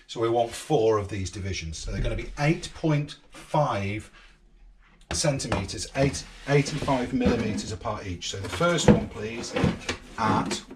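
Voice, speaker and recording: A man hosting a vlog explains a DIY boat fix to his son, taking it one patient step at a time while light rain falls on the boatyard. He speaks at medium pitch, animated and unhurried, against heavy background noise.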